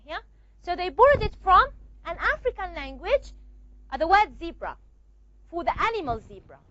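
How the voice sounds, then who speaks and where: Very high-pitched, lively woman teacher. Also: muffled recording. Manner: explains step by step, checks understanding with frequent "okay?" questions. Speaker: language teacher. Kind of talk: classroom lecture.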